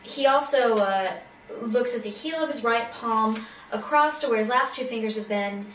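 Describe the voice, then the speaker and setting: A woman's voice: fairly high pitch, normal speed, a little hiss or hum. A woman co-hosting a casual show, reading from a novel and paraphrasing it loosely, with lots of fillers and giggles. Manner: informal, with many fillers and giggles. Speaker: co-host and reader. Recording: roomy, distant amateur recording.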